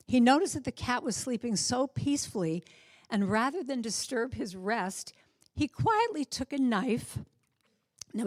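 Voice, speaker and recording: An American woman delivers an inspirational Sunday talk in a church sanctuary, earnest and conversational, weaving stories with quick asides. Her voice is fairly high with a darkish tone. The recording is clean studio sound with no room audible.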